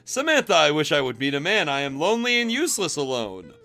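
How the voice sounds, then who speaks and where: A man's voice: on the high side, very animated, quick pace, creaky, bright, forceful tone, soft background music, full character voice. A man reading aloud in the voice of a lonely woman shopper who speaks in a plaintive, wistful way.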